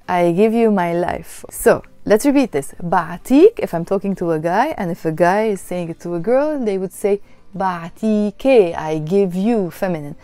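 A woman's voice: mid-range voice, dark tone, no echo. A woman giving a spoken language lesson, patiently repeating phrases and explaining grammar step by step. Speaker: language teacher.

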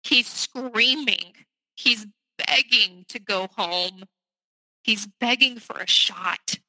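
A woman's voice: medium pitch, bright, forceful tone, no room sound, rough recording. A middle-aged woman from the South, a podcast guest candidly and urgently recounting a personal story. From American South.

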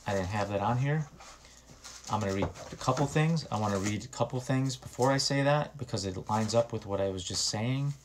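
A man with a fairly low voice delivering an informal sermon straight to his listeners. He talks earnestly and urgently, pushing hard on key words in emphatic bursts. His delivery is exhortative rather than polished. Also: a little fast, noisy background. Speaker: preacher.

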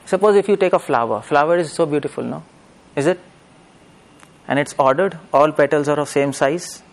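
A man delivers a religious discourse like a lecture, turning to his listeners with tag questions. His voice sits slightly high and carries a gravelly rasp. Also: normal speed. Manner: rhetorical questions to the audience, with tag questions. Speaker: preacher.

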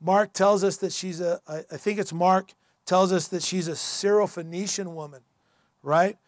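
High-voiced preaching pastor. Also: male voice, steady tone, moderate pace, no echo, studio quality. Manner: earnest, emphatic, conversational preaching. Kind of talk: sermon. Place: church.

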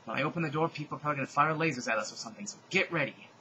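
A man's voice: on the high side, rapid-fire, sharp tone, slight background noise, low-quality recording. A man reading as a brash overdramatic young hero. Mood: eager.

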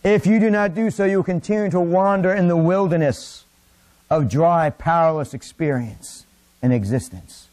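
Man, middle-aged, pastor, preaching with passion, fairly high pitch, church sanctuary. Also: normal speed. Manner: impassioned preaching, rising to near-shouts. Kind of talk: sermon.

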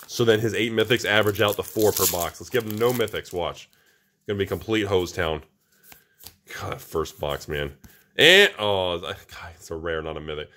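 Excitable low-voiced man unboxing cards. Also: normal speed. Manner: excitable, joking, addresses the audience as folks. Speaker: channel host opening card packs. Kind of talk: casual vlog commentary.

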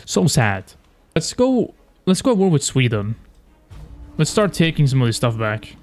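A young man casually commentating his strategy game, animated and taunting, swearing as he plays. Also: on the high side, normal speed. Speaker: gaming YouTuber.

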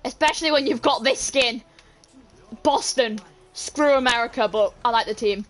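A young British woman streaming a team game and chatting with her teammates, with sudden shouts and playful swearing. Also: fairly high pitch, normal speed. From Britain. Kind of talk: live gameplay chat.

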